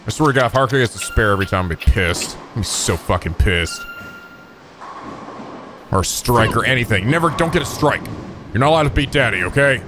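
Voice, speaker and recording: A man with a medium-pitched voice talks fairly quickly over a noisy background while hosting a let's play. His gaming commentary is excitable and profane, full of mock-angry trash talk.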